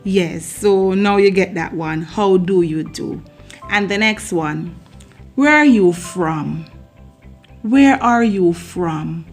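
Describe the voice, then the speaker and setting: A Jamaican woman vlogger giving a casual language lesson, repeating phrases slowly and playfully for learners. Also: lowish voice, soft background music. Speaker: vlogger teaching Patois.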